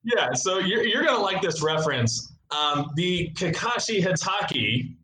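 A man's voice: sits high, measured pace. Chatty man in a roomy room. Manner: relaxed, chatty, joking. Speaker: podcast co-host. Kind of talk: casual sports podcast chat. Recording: roomy sound with faint noise.

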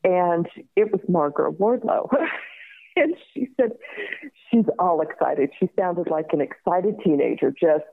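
A woman in her fifties, a guest telling her story in a lively way, laughing often and acting out the other voices. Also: lowish voice, measured pace, vocal fry. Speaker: guest, crime survivor. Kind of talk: personal storytelling in an interview. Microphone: phone call. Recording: tinny phone line.

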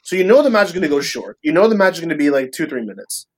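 A man's voice: a little high, sing-song, rapid-fire. A man in casual chat who asks earnest questions about a wrestling match. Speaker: wrestling podcast co-host.

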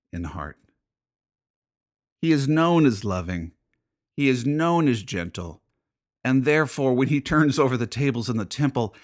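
A man hosting his own show as a pastor, talking in an emphatic, preachy monologue full of rhetorical questions. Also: mid-range voice. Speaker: podcast host and pastor. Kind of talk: fired-up spoken monologue.

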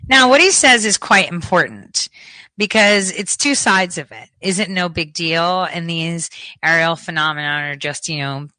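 Sarcastic woman host, keeps giggling, bright voice, dry close sound. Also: lowish voice, normal speed, dry recording, poor audio. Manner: giggly, keeps breaking into laughter; blunt and sarcastic, swears. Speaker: commentary show host. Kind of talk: casual commentary.

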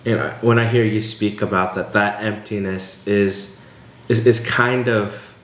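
A man's voice: fairly low pitch, fairly even intonation, a little slow, fairly bright tone. A man in casual conversation, speaking reflectively and hesitantly, often restarting his sentences. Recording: roomy echo with faint ambience.

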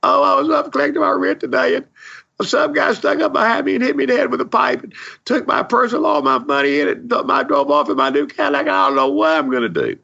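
A man's voice: a little high, huge pitch swings, fast, vocal fry, few pauses, bright, forceful tone, dull audio, voice pushed up, full character voice. A man putting on a crying older woman. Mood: tearful.

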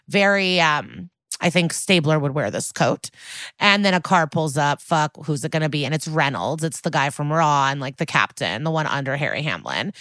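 A woman's voice: low voice, bright, forceful tone, dry recording. A woman podcast co-host recapping a TV episode in a casual, sardonic, swear-heavy chat. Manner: sardonic, profane, chatty.

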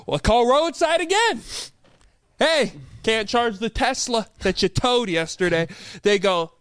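A man's voice: extremely high pitch, lively intonation, unhurried, fairly bright tone, clean tone, dry recording. A young man co-hosting a podcast, retelling a bad day with exasperated, dramatic storytelling. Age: young adult. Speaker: podcast co-host. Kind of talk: animated storytelling.

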